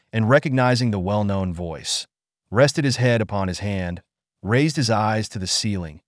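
Low-voiced man narrating a classic novel. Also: no echo, studio quality. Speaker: audiobook narrator.

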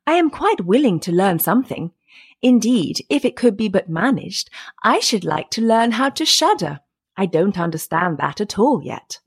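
A woman's voice: mid-range voice, very animated, normal speed, husky. A woman reading a storybook voices a simple-minded young boy who does not know fear. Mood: earnest.

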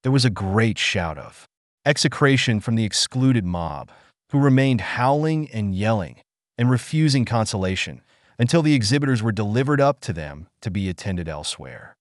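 An audiobook narrator with a lowish voice reads a classic novel in a measured, even storytelling manner. The recording is clean studio sound with no room sound.

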